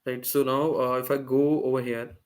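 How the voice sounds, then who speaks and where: A man's voice: mid-range voice, flat delivery, normal speed, a little mellow. A man presenting a live online workshop, explaining step by step with frequent fillers and restarts over a video call. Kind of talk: live screen-share tech demo.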